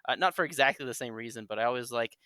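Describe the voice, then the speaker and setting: A man's voice: mid-range voice, very fast, pushed and bright, smooth, no echo. A man on a podcast in casual chat, analytical and ready to rant. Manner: ranting, analytical.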